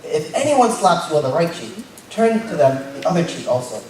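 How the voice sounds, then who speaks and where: A young man giving a casual, joking sermon as a lay preacher, tagging his points with quick asides. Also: on the high side, big pitch swings, a little mellow. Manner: informal and joking, tags lines with "right?". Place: church hall. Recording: very echoey church hall, mic far off. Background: congregation noise.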